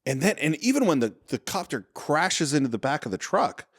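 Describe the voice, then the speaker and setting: A man's voice: a little high, sing-song, a little fast, slightly rough. A man co-hosting a casual film podcast from a living room, recapping movie scenes in detail and chuckling often. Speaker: podcast co-host.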